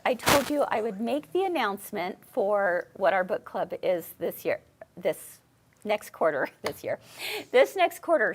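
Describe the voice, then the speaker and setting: A woman's voice: fairly high pitch, fairly bright tone. A woman hosting a live shopping show, gushing with bubbly enthusiasm as she shows off new products. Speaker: host.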